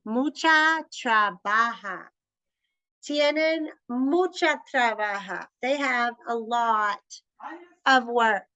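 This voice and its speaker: A woman teaching a Spanish grammar lesson, slow and patient, repeating each phrase. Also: on the high side, pushed and bright, no echo, low-quality recording.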